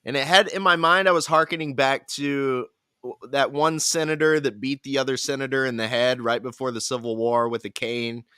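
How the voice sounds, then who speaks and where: Bright, tense-voiced man rambling. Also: medium pitch, fairly even intonation, moderate pace, smooth, no echo, clean studio sound. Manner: rambling, with stammered restarts. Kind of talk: casual political chat.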